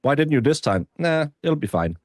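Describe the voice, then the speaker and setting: A man's voice: a little high, very animated, darkish tone, dry recording. Earnest guy on a stream, keeps restarting, dry close mic. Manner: halting, restarts a lot, earnest. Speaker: stream co-host. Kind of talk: live stream commentary.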